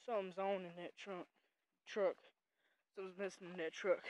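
A woman vlogging outdoors on a farm, loud, excitable, joking and swearing as she walks. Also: on the low side, normal speed, long pauses, low-quality recording. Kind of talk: casual vlog while walking. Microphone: handheld camera.

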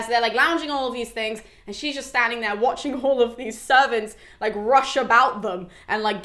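A woman casually retelling a classic story, chatty and animated, full of asides and fillers, sometimes acting out the characters' lines. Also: fairly high pitch. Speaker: literature discussion host.

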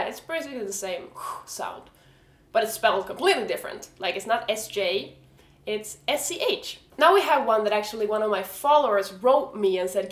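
A Swedish-accented woman with a somewhat high voice gives a casual video lesson, talking slowly and deliberately. She is frank and swears with exasperated humor, and the room around her sounds echoey. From Sweden. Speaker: vlogger teaching Swedish pronunciation.

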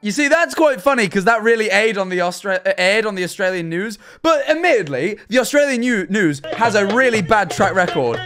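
A young man talks to his stream audience and tells embarrassing stories about himself. He trips over his words and repeats himself often. His voice sits a little high, and soft music runs behind him. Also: lively intonation, brisk, hardly any pauses. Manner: stammering, self-deprecating storyteller. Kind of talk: livestream reaction chat.

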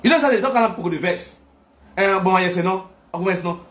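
A man with a Nigerian Pidgin English accent, talking loudly and repeating himself in a casual live video rant from his phone. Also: sits high, lively intonation, quick pace, a little hiss or hum. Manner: loud, emphatic, repetitive preaching. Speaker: social media commentator.

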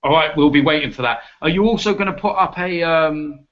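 A man's voice: a little high, fairly quick. A man in a heated football debate, mocking and ranting, with the odd swear. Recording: muffled lo-fi audio.

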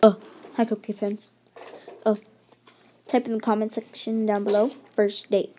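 A woman's voice: medium pitch, flat delivery, unhurried, long pauses, dark tone, slight background noise. A woman hosting her channel, talking directly to viewers. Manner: chatty, addresses viewers directly. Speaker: channel host. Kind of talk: toy story video sign-off.

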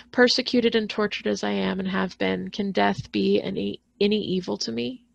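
A woman librarian reading a classic novel aloud in a steady, measured way, with the odd small slip. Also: medium pitch, creaky, no room sound.

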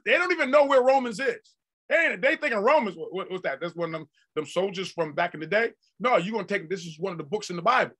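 A male pastor delivering a sermon in folksy, conversational talk that breaks into shouted peaks and drawn-out emphasis. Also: sits high, lively intonation.

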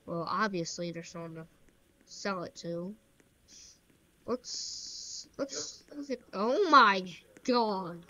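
Woman doing chill game commentary, kinda low voice, slow and dry, lots of mumbly side comments. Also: animated, fairly bright tone, dull audio. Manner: offhand, wry, muttering asides. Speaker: gaming commentator. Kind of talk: casual gameplay commentary.

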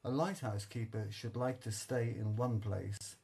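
A man voicing a kind-hearted lighthouse official who asks brisk questions in an audiobook. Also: fairly low pitch, fairly even intonation, gravelly, a little mellow, breathy edge, exaggerated voice. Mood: questioning. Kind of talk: audiobook character reading.

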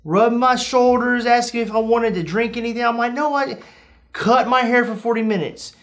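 Animated young man telling stories. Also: fairly quick. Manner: animated, mimics his own reactions with jumps in pitch. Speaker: podcast host. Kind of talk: casual storytelling chat.

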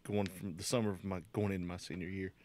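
A man's voice: low-pitched, level tone, fast, darkish tone, a little hiss or hum. A man in his thirties co-hosting a casual podcast chat, joking and laughing often. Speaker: podcast co-host.

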